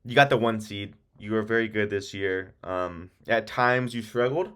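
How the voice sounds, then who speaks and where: This sports video host is a young man whose lowish voice sounds a bit bright, clear and resonant, moving at a normal speed. His football commentary is casual and rambling, full of swearing and ums, and it keeps boiling over into heated rants.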